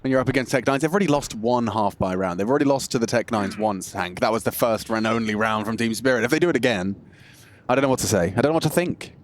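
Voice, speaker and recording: A man giving color commentary on an esports match, chatty and analytical, jumping into excited reactions. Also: medium pitch, quick pace. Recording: broadcast mix with music underneath.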